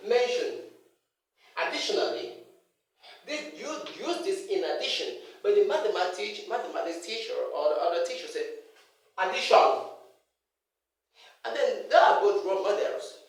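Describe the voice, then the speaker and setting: An emphatic speaker lecturing on pronunciation, their voice swinging up and down as they repeat words to drill them. The voice comes from far off the mic and rings through a very echoey hall. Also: medium pitch.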